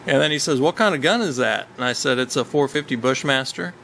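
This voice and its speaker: A man's voice: mid-range voice, a little fast, creaky, fairly bright tone, a little hiss or hum, rough recording. A man casually recounting a hunting trip, rambling along with many ums and uhs. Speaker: hunter telling a story. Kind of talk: casual storytelling chat.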